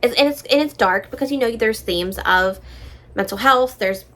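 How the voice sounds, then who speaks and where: A chatty woman with a fairly high voice talks through her reading list on her vlog. She rambles casually, leans on "like" and "you know", and now and then drops to a soft near-whisper for an aside. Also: moderate pace. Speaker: book vlogger. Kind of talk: casual book chat.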